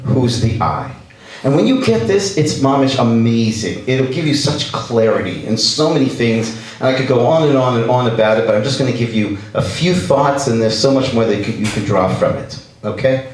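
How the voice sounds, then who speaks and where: Animated rabbi in an echoey hall. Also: male voice, mid-range voice. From Canada. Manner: animated, acts out characters. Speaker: rabbi, speaker. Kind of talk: humorous lecture with stories. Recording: echoey hall, distant mic.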